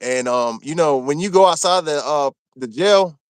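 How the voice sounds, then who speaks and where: A man from Maryland telling a rough story from his time in prison, cursing freely and acting out what people said. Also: a little high, normal speed, dry recording. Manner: animated, profane, acts out quotes. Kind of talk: casual storytelling.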